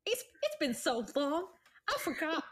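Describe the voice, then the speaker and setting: A woman doing a bashful, lovestruck man with a put-on Southern drawl, who stammers a lot; high and swooping. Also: big pitch swings, unhurried.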